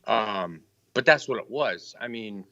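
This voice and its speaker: A man's voice: fairly low pitch, expressive, measured pace, sharp tone. A male caller on a live stream, defensive and rambling, swearing a lot in a heated argument. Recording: dull lo-fi call-in audio.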